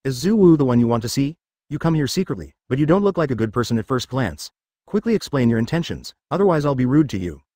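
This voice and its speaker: A man reading the lines of a proud, blunt male witch warrior in an even, machine-like way. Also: mid-range voice, fast talker, no room sound, clean studio sound.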